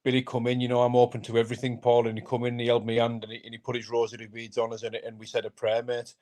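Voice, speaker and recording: A man speaks as a guest on a live chat. He is a fighter and talks in an intense, fired-up, sweary way. His voice sits in a middle pitch. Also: monotone, racing, a little mellow. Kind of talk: casual live-stream chat.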